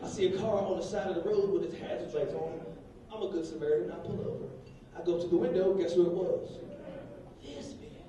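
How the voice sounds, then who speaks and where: A man's voice: high-pitched, fairly even intonation, a little fast, warm tone, far from the mic, slight background noise. A man doing a brash, profane stand-up set on a comedy club stage, baiting the crowd. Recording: echoey live club, mic heard from afar, crowd laughter.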